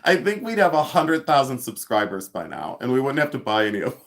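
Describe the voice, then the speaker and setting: A man from the United States hosting a casual livestream from his home. He jokes, laughs a lot and talks loudly, and he has a runny nose. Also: mid-range voice, quick pace, vocal fry. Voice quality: animated and joking, laughs often. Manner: loud, calls out from across the house. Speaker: livestream host. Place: home, moving between rooms.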